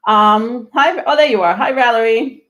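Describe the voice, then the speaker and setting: A woman's voice: fairly high pitch, normal speed, fairly bright tone. Slightly breathless woman chatting on a live stream. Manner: rambling, many ums and restarts, laughs often. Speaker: tarot reader hosting a live stream. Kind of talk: casual live-stream chat.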